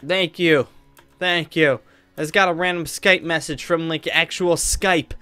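A man's voice: on the high side, fairly even intonation, a little slow, bright, forceful tone, smooth. A young man commenting on his own gameplay, muttering to himself and breaking into frustrated outbursts. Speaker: gaming youtuber. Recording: faint game music behind.

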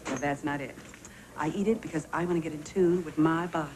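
A woman's voice: low voice, a little fast, a little mellow. A woman acting in a TV commercial, speaking in a chatty, confiding way. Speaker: commercial actress.

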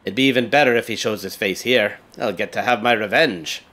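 A man's voice: on the low side, a little fast, bright, forceful tone. A man voicing a greedy, bullying middle-aged tea house owner in a game, sneering and boastful. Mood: gloating.

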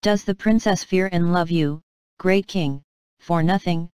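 A woman's voice: on the low side, a little slow, darkish tone, smooth, no echo, close to an everyday voice. A woman voicing the king's scheming male enemy, sly and coldly accusing in a storybook reading.

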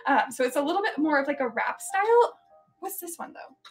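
A woman's voice: sits high, sing-song, a little fast, soft background music. A young woman chatting casually on a live stream as she sells thrifted clothes, giggling often and filling gaps with "um" and "like.". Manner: chatty, giggly, lots of ums and likes. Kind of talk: casual live-selling chat.

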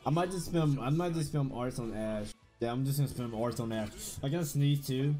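Young man, excitable gaming commentary. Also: mid-range voice, fairly quick, soft background music. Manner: excitable, loud outbursts, laughing, then relaxed outro chat. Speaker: gaming YouTuber. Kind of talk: casual gameplay commentary.

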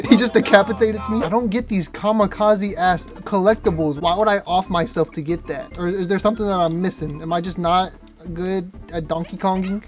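Young male gamer in his twenties, crude and joking, excitable outbursts, game music under. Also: sits high, normal speed. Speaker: gaming YouTuber. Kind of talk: let's-play commentary.

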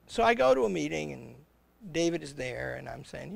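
Brisk and creaky, this older college president's high voice swings widely in pitch as he talks casually on a livestream. He tells rambling stories with chuckles, performing the quoted exchanges and voices of the people in them.

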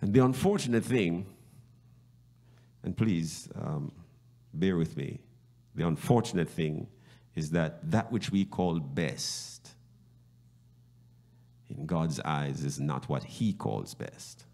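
A man preaching a sermon as a bishop, asking rhetorical questions and swinging from hushed whispers to loud, high exclamations. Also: expressive, vocal fry. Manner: slow, deliberate delivery with rhetorical questions.

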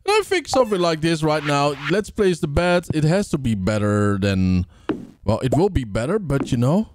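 A man's voice: a little high, big pitch swings, normal speed, background noise. A man giving casual let's play commentary, chatting to the game characters as he plays. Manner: chatty, talks to game characters, hums and sings. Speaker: gamer. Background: game music.

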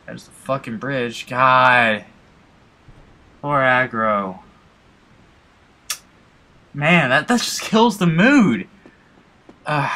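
A man's voice: medium pitch, sharp tone. A young man commenting casually on a video game he plays, emotional, rambling and swearing often, mocking himself. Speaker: let's play gamer.

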